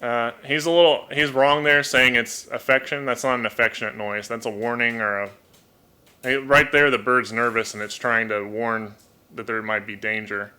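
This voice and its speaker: A man's voice: medium pitch, fairly even intonation, moderate pace, bright, forceful tone, clean tone. A man chatting casually on a live stream from his home at a desk microphone, talking about his birds, often repeating words as he thinks. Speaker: livestream host and toucan keeper. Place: home room.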